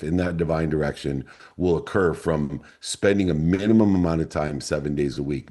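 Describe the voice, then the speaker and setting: Middle-aged male mastermind leader, husky and mellow, earnest motivational storyteller. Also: sits low. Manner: earnest and deliberate, lingering on key words.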